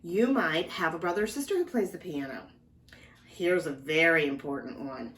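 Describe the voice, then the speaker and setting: A woman giving a slow, gentle lesson to young children as a librarian, talking straight to them. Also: sits low, recorded from a distance. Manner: slow, gentle, speaking directly to small children. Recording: echoey room, voice a bit off-mic. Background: clock ticking.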